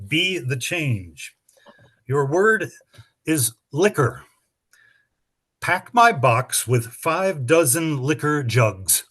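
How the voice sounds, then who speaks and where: A man's voice: medium pitch, a bit bright. A middle-aged man hosting a spelling bee, explaining the rules and reading words and sample sentences with dry, chatty asides.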